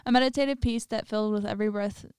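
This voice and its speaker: Brief: woman horror story reader, crisp smooth voice, dry close sound, casual chatty asides. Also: mid-range voice, steady tone, racing, a little mellow, dry recording. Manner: laughs often, chatty asides with lots of "like". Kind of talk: reading a horror story aloud with casual commentary.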